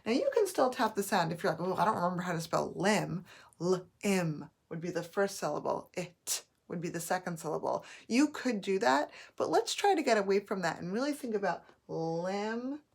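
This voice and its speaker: A woman teaching a phonics lesson, sounding out words slowly and clearly, syllable by syllable. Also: mid-range voice, animated.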